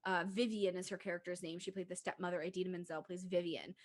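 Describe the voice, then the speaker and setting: A woman's voice: fairly low pitch, fairly even intonation, fast talker. A woman co-hosting a casual chat on a video call, sleepy and yawning, talking with lots of "like" fillers. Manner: chatty, laughs often, many "like" fillers. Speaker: co-host.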